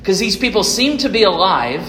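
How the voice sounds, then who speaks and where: Guy preaching a sermon, lots of questions and pauses, big echoey church hall. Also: high-pitched, big pitch swings, pushed and bright. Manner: dramatic pauses and rhetorical questions to the congregation. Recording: echoey hall with long reverb.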